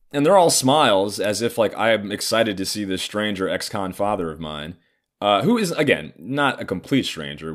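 A man's voice: low voice, a bit bright. A man in his thirties telling a personal story in a casual, heated and profane way. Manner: profane, heated, acts out others' lines.

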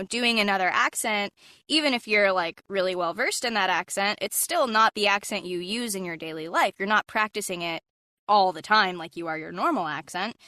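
An American woman voice actor chatting casually in an interview, animated, laughing often and using many fillers. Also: medium pitch, clean tone, no echo, clean studio sound. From Hispanic American.

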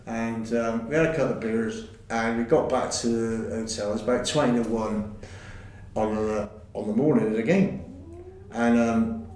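Laughing storyteller, echoey room. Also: male voice, lowish voice, slight background noise. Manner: chuckling, animated storyteller. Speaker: guest recounting football days. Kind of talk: anecdote-telling chat.

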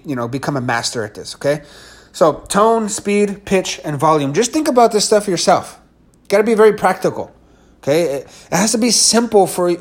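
A man teaching leadership communication in an energetic, emphatic way, acting out shifts in tone as he explains. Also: fairly high pitch. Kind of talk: teaching talk to camera.

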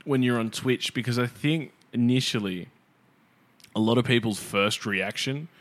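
A man's voice: mid-range voice, normal speed. A young adult man co-hosting a casual podcast, wry and laughing often. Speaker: podcast co-host. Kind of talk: casual chat.

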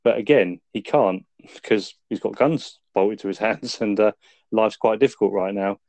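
Low-voiced man, casual podcast chat. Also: moderate pace, vocal fry, darkish tone, no room sound. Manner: laid-back storytelling with frequent swearing and laughs. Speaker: podcast co-host reviewing a film.

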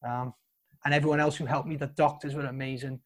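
A man's voice: mid-range voice, flat delivery, quick pace. A man with a Liverpool accent, a soldier and podcast guest, telling his story bluntly with plenty of swearing and emphatic praise. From Liverpool, England.

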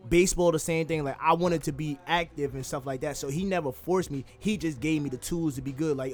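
A man's voice: on the high side, brisk, few pauses, darkish tone, soft background music. A man in casual podcast chat, loose and slangy, filling his talk with "like" and "you know what I'm saying". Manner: loose, slangy, full of fillers.

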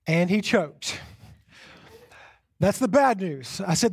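A young man, a pastor, preaching a sermon with an animated personal story and self-deprecating humor, often repeating his phrases. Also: high-pitched, slow pace, slightly rough. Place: church sanctuary.

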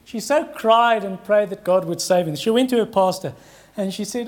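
Pleading pastor, high voice. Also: male voice. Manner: earnest pleading preaching with dramatic pauses. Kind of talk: sermon.

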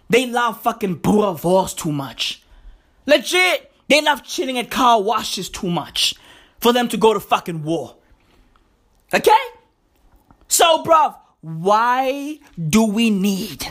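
South african lady ranting and swearing, bouncy high-ish voice, takes her time. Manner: heavy swearing, slangy, mocking, emphatic repetition. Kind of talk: profane comic rant.

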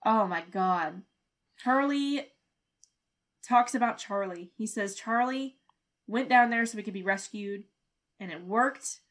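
A young woman co-hosting a podcast in casual chat, animated, laughing often and swearing freely. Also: medium pitch, slow pace, long pauses. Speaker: podcast co-host.

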